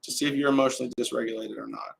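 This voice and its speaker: A man hosting a casual live stream at home, talking in a relaxed, rambling way with frequent restarts. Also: medium pitch, racing, creaky, slight background noise. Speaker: host. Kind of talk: casual livestream talk. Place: indoor home setup with adjustable lights. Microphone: camera mic on a live stream.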